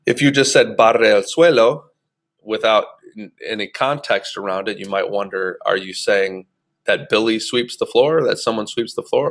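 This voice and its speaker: A man with a low, gravelly voice walks through a recorded screen lesson. He explains patiently and slows right down for each example phrase, recorded on a computer mic. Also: fairly bright tone. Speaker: Spanish teacher.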